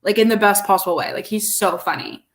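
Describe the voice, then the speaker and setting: A woman's voice: medium pitch, a little fast. A woman co-hosting a podcast, chatting casually and sarcastically about a college basketball game. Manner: animated, sarcastic, laughs often. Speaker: podcast co-host. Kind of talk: casual sports chat.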